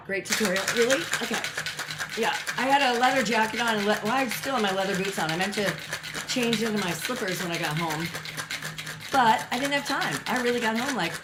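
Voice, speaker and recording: A woman's voice: expressive, a little fast, very noisy. A woman hosting a casual home cocktail live stream, chatty and rambling with self-deprecating asides, a little out of breath. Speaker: home cocktail show host. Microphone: built-in mic, not her usual one. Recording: echoey room, lower audio quality.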